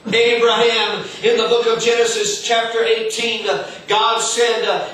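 A male pastor preaching a sermon, halting and repeating words as he searches for the next thought. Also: extremely high pitch, level tone, fairly bright tone. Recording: echoey room, far from the mic, faint noise.

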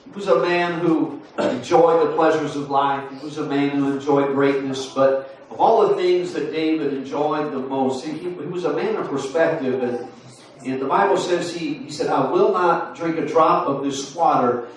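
A man's voice: fairly high pitch, moderate pace, a little mellow. A man in his forties preaching a sermon in a folksy storytelling way, full of fillers and restarts. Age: 40s. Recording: roomy far-off sound with faint noise.

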